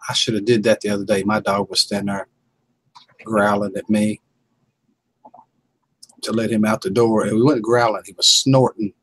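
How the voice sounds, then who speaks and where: A man's voice: on the low side, level tone, moderate pace, long pauses, low-quality recording. A man hosting a casual livestream, chuckling and telling laid-back stories to viewers. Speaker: livestream host.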